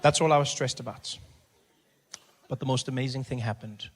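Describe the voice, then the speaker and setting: A man's voice: mid-range voice, normal speed. South African man doing stand-up. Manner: animated storytelling, voicing the people in the story. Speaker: stand-up comedian. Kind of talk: stand-up comedy.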